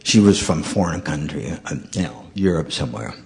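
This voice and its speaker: A man's voice: extremely low pitch, normal speed, gravelly. A man telling stories in a sermon, acting out the voices of the people in them. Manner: animated storyteller acting out dialogue. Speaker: monk giving a talk. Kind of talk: storytelling sermon.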